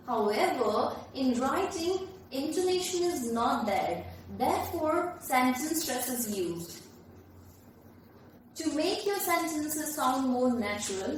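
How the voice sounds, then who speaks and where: A woman's voice: sits high, slight background noise. A woman, teaching a lesson in an emphatic, explanatory manner. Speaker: English teacher. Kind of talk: classroom lesson. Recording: very echoey room, voice from far off the mic.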